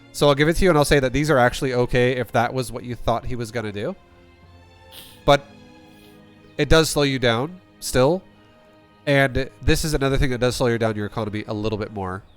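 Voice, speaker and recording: Medium in pitch, his voice is clear and resonant. He's a StarCraft coach walking a player through a replay casually, bluntly and with plenty of profanity, rambling and restarting his sentences.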